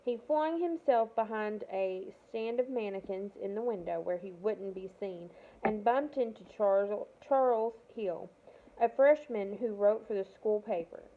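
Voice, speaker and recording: A woman reads aloud from a children's novel, unhurried and at medium pitch, occasionally slipping up and going back to fix it. Her audio sounds tinny, as if through a phone.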